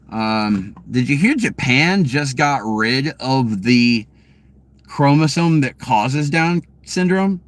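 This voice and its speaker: A man talks in a middle-pitched voice, telling a story off the cuff from inside his car. He rambles, swears freely, and stumbles through plenty of fillers and false starts. The sound is close and dry, with no room echo. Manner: rambling, profane, full of fillers and restarts. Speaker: vlogger. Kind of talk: casual storytelling monologue.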